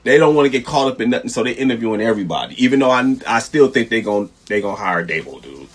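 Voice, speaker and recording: A man with a slightly husky, breathy voice, chatting casually on a podcast. He jokes around and throws in slang. He also reads the sponsor spot. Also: medium pitch, sing-song, fast talker. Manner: joking, slangy, backchannels a lot. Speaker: podcast co-host. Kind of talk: casual chat.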